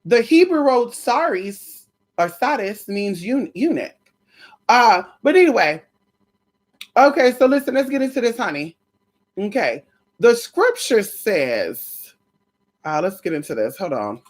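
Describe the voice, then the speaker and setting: A woman's voice: a little high, unhurried, pauses often. A woman vlogging casually, telling a story in a sassy, gossipy way and swearing freely as she talks to her viewers. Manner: dramatic, expressive delivery.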